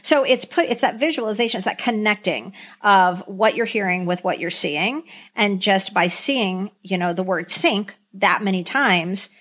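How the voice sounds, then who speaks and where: A woman's voice: medium pitch, normal speed, hardly any pauses, a bit bright. A woman co-hosting a podcast, chatting casually and recalling things thoughtfully and in detail. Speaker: podcast co-host. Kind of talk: casual chat.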